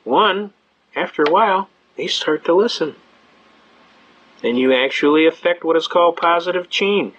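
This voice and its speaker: Guy lecturing fast, folksy, kinda high voice, dull old tape sound. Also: fairly bright tone. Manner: rapid, folksy, acts out dialogue. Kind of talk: fast-paced lecture with storytelling.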